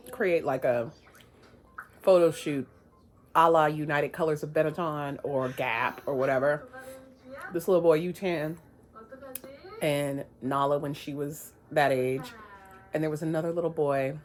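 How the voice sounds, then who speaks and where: Casual woman vlogger with a lowish voice, animated and chatty, talks with her mouth full at times. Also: a little slow, pauses often. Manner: chatty and animated, laughs often; eating while talking. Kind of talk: casual vlog chat.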